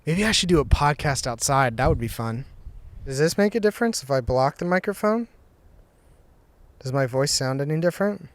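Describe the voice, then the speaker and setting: A man's voice: on the high side, expressive, moderate pace, dry recording. A man hosting a microphone review vlog, talking offhand and chatty into a close podcast mic and reading test phrases aloud. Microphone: podcast microphone close to the mouth.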